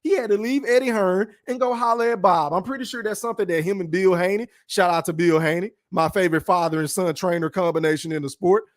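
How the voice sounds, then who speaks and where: A man with a fairly high voice rants bluntly on his own podcast. He swears freely and talks loosely, like a livestream chat. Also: fast talker, hardly any pauses. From Texas. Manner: profane, blunt, ranting. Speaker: podcast host. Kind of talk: casual boxing rant and livestream chat.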